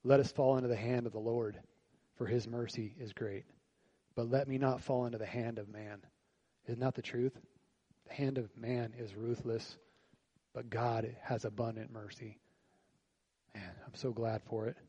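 During a church service, a pastor preaches conversationally in a mid-range, slightly rough voice at normal speed, leaving long pauses, on lo-fi sound. He keeps asking the congregation rhetorical questions, moving between quiet, reflective lines and louder, animated bursts.

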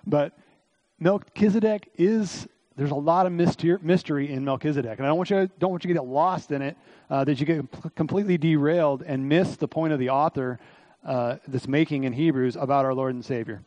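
A man's voice: a little high, brisk, darkish tone, no room sound, highs cut off. Folksy, conversational male preacher. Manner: conversational, folksy preaching with frequent fillers and asides. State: slightly hoarse. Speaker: pastor. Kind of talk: sermon.

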